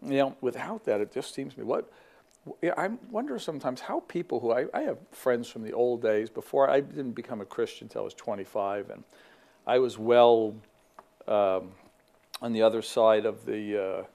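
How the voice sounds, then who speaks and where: A man's voice: medium pitch, moderate pace, vocal fry, darkish tone. A middle-aged man, a ministry vice president, giving a reflective faith talk in a conversational way with many fillers and restarts.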